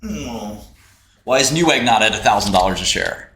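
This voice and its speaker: A man's voice: lowish voice, lively intonation, moderate pace, a bit bright, a little hiss or hum. Brash, mocking man on a livestream. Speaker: livestream host. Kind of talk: casual livestream rant. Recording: roomy echo, faint typing.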